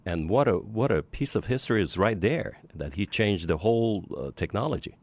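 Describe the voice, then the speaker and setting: A man's voice: lowish voice, lively intonation, moderate pace, no echo. A man hosting a jazz radio show, asking hesitant questions and giving brief agreeing replies. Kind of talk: radio interview. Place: radio studio.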